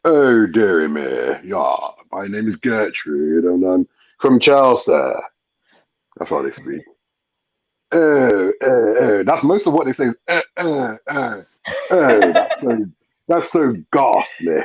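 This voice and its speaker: A man voicing a prim, fussy upper-class English lady who speaks slowly and plummy, on dull lo-fi audio. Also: lowish voice, sing-song, husky, dry recording, heavily acted. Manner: slow, plummy, drawn-out.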